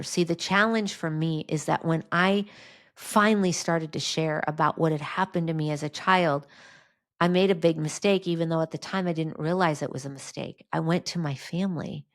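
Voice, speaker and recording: Middle-aged woman hosting a faith podcast, earnest personal storytelling, lowish voice. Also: fairly even intonation, moderate pace. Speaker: podcast host. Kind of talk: faith-based talk on trauma healing.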